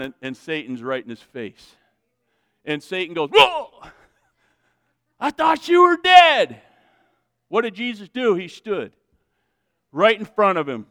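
A male pastor preaches with fiery energy, rising to loud shouted calls and dropping to quiet, chatty asides. His voice sits high and sounds smooth and clear. It is picked up close and dry, with a long reverb from a large hall. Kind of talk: sermon. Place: church sanctuary with congregation.

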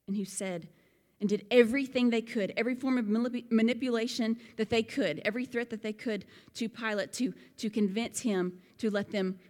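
A woman giving a Bible lesson, animated and fond of rhetorical questions. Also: mid-range voice, big-room sound. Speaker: Bible teacher. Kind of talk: sermon-style Bible lesson.

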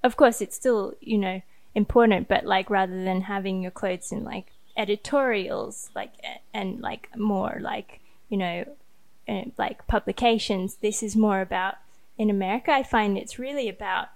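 A woman hosting a podcast interview who chats casually, fills her sentences with "like", and gets animated. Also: mid-range voice, moderate pace, creaky, no echo. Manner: filler-heavy, says "like" constantly, animated. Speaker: podcast host.

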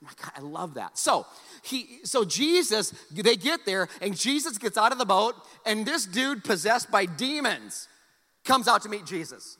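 A man preaching in a high, animated voice that swings widely in pitch. His tone is bright and forceful, and the sound carries the long reverb of a big church hall. He keeps a loose, joking delivery and repeats words as he restarts. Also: a little slow. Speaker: pastor. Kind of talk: sermon.

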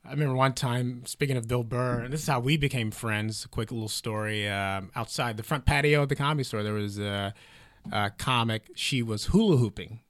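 A man who is a stand-up comedian, a guest telling relaxed stories in a casual chat. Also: medium pitch, brisk, no echo, clean studio sound. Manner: relaxed anecdotal storyteller, acts out quotes.

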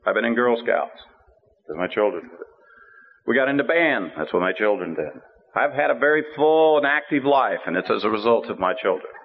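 A man's voice: medium pitch, moderate pace. Man preaching over tinny radio. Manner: animated storytelling, acts out the spies' voices. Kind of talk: sermon. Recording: phone-like radio broadcast.

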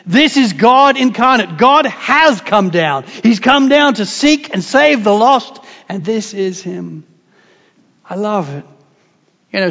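A male pastor with a high voice preaches with passion, moving from ringing declarations down to soft, hushed asides. His voice carries a long reverb, as in a church hall. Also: lo-fi sound. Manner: passionate, swings from loud proclamation to hushed tenderness. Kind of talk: sermon.

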